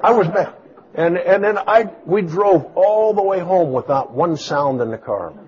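A man preaching a sermon, swinging from booming exclamations to soft storytelling. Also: unhurried, some chatter behind. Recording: dull lo-fi sound.

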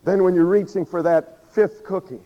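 A man preaching a sermon who acts out prayers and quotes with lively energy, laughing often and saying he is losing his voice. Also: sits high, normal speed. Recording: dull recording with long hall reverb.

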